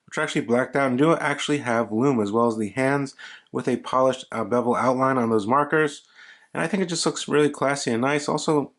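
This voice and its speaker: Casual male reviewer, easygoing voice-over, doubles up his praise, mid-pitched. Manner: easygoing, repeats praise words ("really, really nice"). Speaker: watch reviewer. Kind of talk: casual product review narration.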